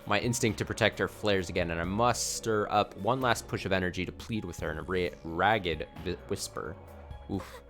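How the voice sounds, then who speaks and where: A man's voice: sits low, brisk, few pauses, fairly bright tone, faint music behind. A man streaming a video game, reading the dialogue aloud with sarcastic, laughing asides. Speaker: let's play streamer.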